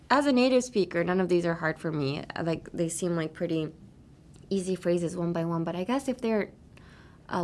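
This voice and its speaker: A woman hosting a casual language-lesson podcast. She explains phrases in a loose, chatty way, full of "like" and "um", and switches between English and Japanese. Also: mid-range voice. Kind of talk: casual teaching chat.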